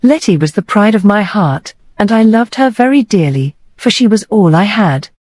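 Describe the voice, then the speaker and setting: A woman's voice: medium pitch, expressive, normal speed, a little mellow, dry recording, lightly acted. A woman voicing an earnest young man, a grieving brother, in an audiobook, speaking with urgent emotion.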